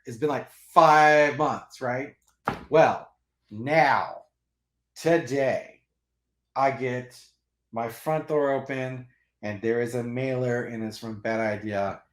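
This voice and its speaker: Animated rambling man, roomy echo. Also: medium pitch, normal speed. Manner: animated and rambling, with restarts and laughs. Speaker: comics channel host. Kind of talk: casual storytelling.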